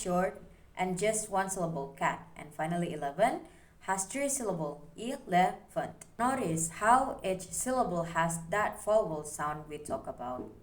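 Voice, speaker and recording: A young woman student giving a recorded class presentation, explaining steadily as she reads through her slides. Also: mid-range voice.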